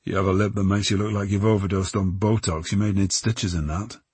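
A gruff police boss who cares under his brusque manner, as a male narrator voices him. The voice sits low and husky. The sound is dry and close. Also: fairly even intonation, brisk, a little mellow, no echo. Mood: concerned. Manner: brusque but concerned.

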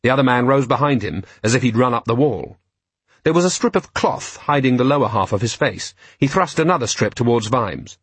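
A man narrating a novel in a measured, dry storytelling manner. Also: mid-range voice, expressive, breathy edge, no echo. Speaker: audiobook narrator. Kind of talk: scripted narration.

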